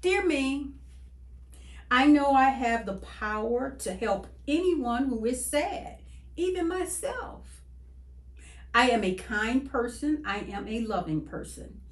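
A woman reading a children's picture book aloud in an expressive, sing-song way. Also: high-pitched, takes it slowly. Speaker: children's story reader. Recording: echoey room.

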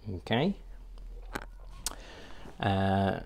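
A man with a low, gravelly voice talks slowly through his solo board game turns. He thinks aloud and pauses on fillers as he works out each move. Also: sing-song, a little mellow, slight background noise.

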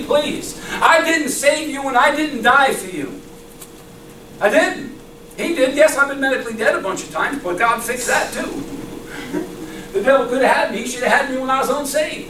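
A man's voice: very high voice, noisy background. A man preaching a sermon with fervent conviction, often breaking into laughter between phrases. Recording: echoey room, mic far off.

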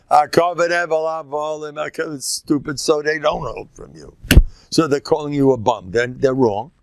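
Gravelly older man giving a lively lecture. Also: background noise. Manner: animated, jumps into high-pitched mock dialogue. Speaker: rabbi. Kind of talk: Torah lecture.

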